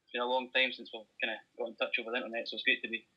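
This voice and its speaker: A Scottish man, a guest writer, chatting in a relaxed, friendly way on a podcast over a muffled phone line. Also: medium pitch, very fast, slightly rough. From Scotland. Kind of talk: podcast interview chat.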